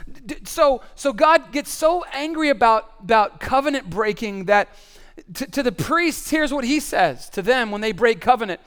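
A man preaching a sermon, animated and conversational, swinging between loud emphatic bursts and hushed, solemn passages. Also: extremely high pitch, normal speed, clear, resonant tone. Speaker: pastor.

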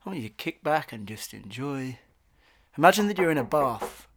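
A man's voice: medium pitch, very animated, normal speed. A man co-hosting a comedy podcast, throwing in dry, teasing quips. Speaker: podcast co-host.

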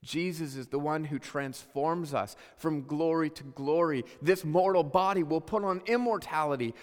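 Earnest male pastor preaching in a reverberant hall. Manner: earnest preaching, swings between soft low asides and rising emphatic calls. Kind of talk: sermon.

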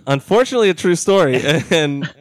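A man's voice: a little high, expressive, a little fast, dry recording. A man co-hosting a casual podcast, laughing often and swearing freely as he acts out stories. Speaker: podcast co-host. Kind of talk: casual chat.

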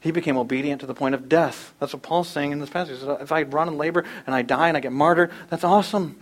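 A man delivering a sermon from the pulpit. His voice sits a little high. He shifts between quiet explanation and sudden loud, raised impressions of the people he quotes. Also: fairly even intonation, fast. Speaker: pastor.

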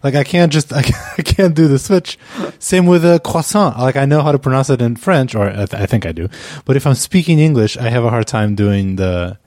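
A man's voice: mid-range voice, brisk, hardly any pauses, darkish tone, dry recording, clean studio sound. A man hosting a podcast in casual chat, chatty, laughing often and trailing off mid-thought. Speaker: podcast host. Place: Amsterdam, on a remote call.

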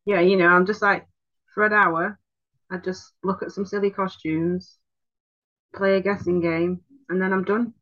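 A woman's voice: fairly low pitch, little pitch movement, normal speed, a bit bright, lo-fi sound. A woman, co-hosting a casual chat in an easygoing, giggly way. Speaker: podcast co-host.

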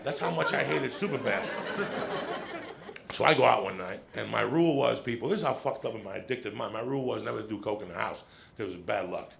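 Gravelly, profane middle-aged comedian man. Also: on the low side, fast talker, slight background noise. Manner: profane, animated, frequent "right?" asides. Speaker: stand-up comedian. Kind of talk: stand-up storytelling. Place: comedy stage with audience.

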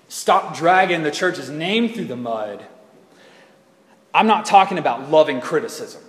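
Speaking in a fairly high, fairly bright voice, a man preaches as pastor in a church sanctuary whose echoing hall reverb fills the recording. His sermon is conversational and rambling, and he frequently corrects himself mid-sentence.

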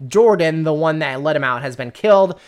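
A woman with a somewhat low voice chats casually on a podcast. She recaps a story with sardonic exasperation and lands her complaints through emphatic repetition. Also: expressive, fairly quick, a little mellow, clean tone. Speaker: podcast co-host reviewing a book. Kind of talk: casual chat.

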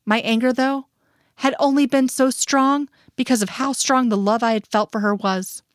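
A woman reading a first-person story aloud in a measured, even narration. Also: fairly high pitch, dry recording, studio quality. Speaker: reader.

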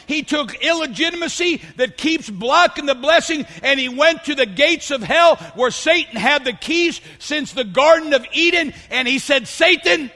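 A man preaching a fervent sermon to a congregation, often rising into shouts. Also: very high voice. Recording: long hall reverb.

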